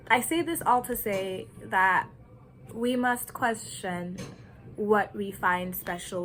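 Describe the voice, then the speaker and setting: Woman, from Kenya, earnest reflective monologue, unhurried, deliberate, nervous laughs, faint background hiss. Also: medium pitch, a bit bright, rough recording. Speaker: vlogger.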